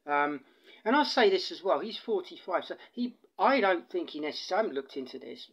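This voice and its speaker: A man's voice: high-pitched, animated, a little fast, fairly bright tone, dull audio. An Englishman with an English accent giving a casual spoken film review, rambling and digressive, with many fillers and restarts. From England.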